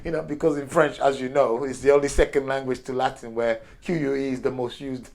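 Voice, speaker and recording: A man's voice: medium pitch, flat delivery, brisk, a little mellow. An older man whose first language is Portuguese, tipsy and rambling through a profane history rant while acting out characters in quotes. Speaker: show regular.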